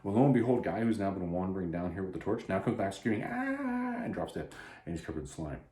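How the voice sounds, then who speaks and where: A man casually recapping a comic book, animated and rambling, often restarting his sentences. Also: deep voice, quick pace. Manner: animated, rambling, self-interrupting. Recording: roomy echo.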